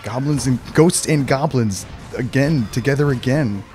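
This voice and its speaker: A man's voice: medium pitch, moderate pace, darkish tone, soft background music. A man giving comedic gameplay commentary, sarcastic and swearing as he rants at the game. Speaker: gaming video host.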